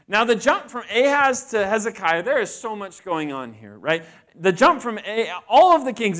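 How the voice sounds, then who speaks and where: Man, preacher, sermon, high-pitched voice, conversational, asks questions. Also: fairly bright tone.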